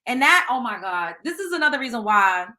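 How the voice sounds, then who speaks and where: A woman's voice: on the high side, very animated, fairly quick, pushed and bright. A woman hosting a casual gossip show, talking bluntly and with plenty of profanity straight to her listeners. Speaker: show host.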